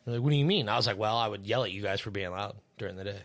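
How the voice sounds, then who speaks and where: A man's voice: fairly low pitch, very fast. A man co-hosting a podcast, chatting casually in a rambling way, with lots of fillers and swearing. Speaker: podcast co-host; third shift worker.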